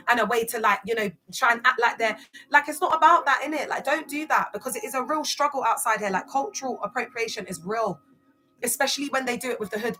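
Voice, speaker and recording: A young woman from West London with a London accent gives casual vlog commentary on church cults. She uses emphatic street slang packed with rhetorical questions, in a voice that's on the high side and sharp.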